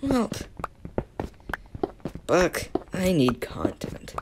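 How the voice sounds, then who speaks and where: A woman's voice: lowish voice, huge pitch swings, drawn-out words, a little mellow, a little hiss or hum. A woman giving casual, playful commentary on her own gameplay, teasing and self-mocking and dropping silly sound words as she goes. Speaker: gaming video creator.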